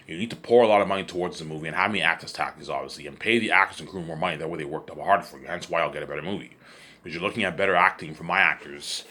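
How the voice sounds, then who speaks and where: Male vlogger, low husky voice, bright edge, rambling and repetitive monologue. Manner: repetitive, keeps saying "you know what I'm saying".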